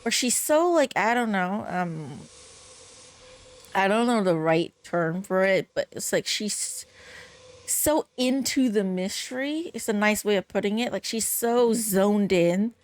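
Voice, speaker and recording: A young woman streamer with a medium-pitched, lively voice speaks a little slowly in casual gaming commentary. Rambling and exasperated, she fills her talk with "like" while picking apart a game's voice acting.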